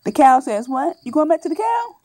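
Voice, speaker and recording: Mom reading a farm book to her kid, high voice, bouncy sing-song, makes the animal noises. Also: sing-song, fairly quick, dark tone, no room sound. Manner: playful, coaxing, imitates animal sounds. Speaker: mother reading to her toddler. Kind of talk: reading a picture book aloud.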